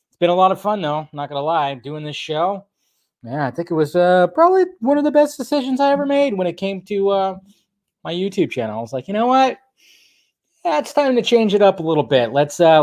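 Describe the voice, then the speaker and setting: Studio-quality, dry sound from a desk microphone captures a young man with a fairly high pitch hosting a relaxed live stream. He chats, greets viewers by name, and has a slight throaty cough.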